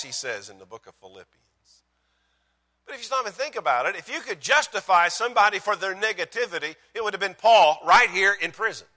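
A middle-aged man preaching a guest sermon with humorous personal stories, animated and self-deprecating, swinging from loud exclaiming to quiet asides. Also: high-pitched, brisk, in a large hall.

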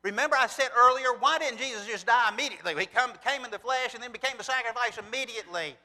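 A man with a high voice preaches an earnest sermon. He poses rhetorical questions and reads scripture aloud in a very bright, forceful tone. The sound carries a long hall reverb, as in a church sanctuary. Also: fast talker.

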